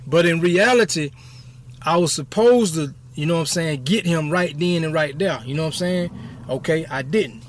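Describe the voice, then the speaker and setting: A man's voice: on the high side, moderate pace, a little hiss or hum. Fifty-something man telling a rambling story. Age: 50s. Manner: rambling, keeps saying "you know what I'm saying". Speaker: YouTube storyteller. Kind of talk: casual storytelling.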